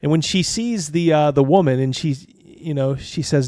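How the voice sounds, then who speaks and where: A man's voice: on the high side, normal speed, a little mellow, no room sound, studio quality. A man narrating as game master, rambling with many fillers and chuckles.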